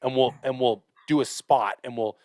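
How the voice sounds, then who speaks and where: A man hosting a podcast, telling a hunting story in a casual, profane, animated way with lots of fillers. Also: mid-range voice, moderate pace, no echo. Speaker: podcast host.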